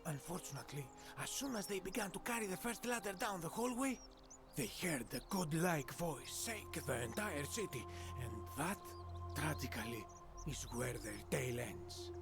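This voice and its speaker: A man's voice: on the high side, lively intonation, moderate pace, over music. A man voicing a formal, philosophical Greek townsman in an ancient Roman city, in a video game. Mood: grave. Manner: stately, formal, quotes old sages. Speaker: game character.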